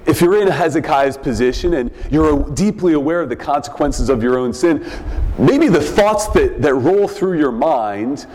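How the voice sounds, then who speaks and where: Slow-speaking male pastor in a reverberant hall. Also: medium pitch, a little mellow. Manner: measured, teaching tone with frequent word repeats. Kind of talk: sermon. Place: church sanctuary. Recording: long reverb of a large hall.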